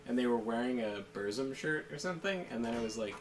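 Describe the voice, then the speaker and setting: A man's voice: mid-range voice, animated, fast, few pauses, background noise. A man chatting casually during a game session, ranting in a profane, rambling way and often breaking into laughter. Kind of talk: casual chat. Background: game music.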